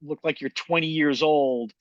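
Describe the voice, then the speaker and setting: A man's voice: fairly high pitch, fairly even intonation, normal speed, no room sound, highs cut off. A man co-hosting a podcast, telling a rambling story in casual chat and acting out quotes. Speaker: podcast co-host.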